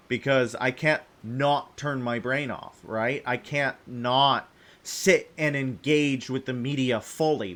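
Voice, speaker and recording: A man streaming a video game, chatting casually in a rambling, excitable way with sudden jumps in pitch and frequent laughter. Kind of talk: casual chat while playing a game.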